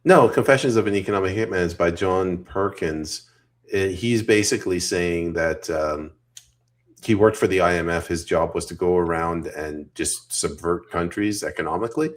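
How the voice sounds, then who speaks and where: A man's voice: low-pitched, normal speed. A man from Canada co-hosting a casual political podcast, joking, laughing often and reading audience comments aloud.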